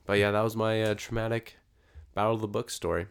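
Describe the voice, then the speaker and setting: A man's voice: fairly low pitch, fast talker, creaky, clean tone. A man co-hosting a casual podcast chat, telling stories with lots of acted-out quoted dialogue. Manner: animated storyteller who acts out quoted dialogue. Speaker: guest co-host.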